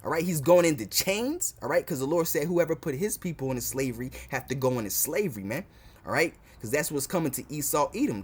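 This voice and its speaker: A man's voice: a little high, slight background noise. A man preaching fervently to camera as a street preacher, repeating phrases and stumbling into restarts. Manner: fervent, repetitive, full of "man" and "all right" fillers.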